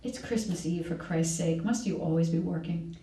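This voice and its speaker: A moody, gaunt husband from a novel, read aloud by a woman. The voice sits low with a gravelly fry and a dark tone. It sounds distant in an echoey room. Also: normal speed, lightly acted. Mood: teasing.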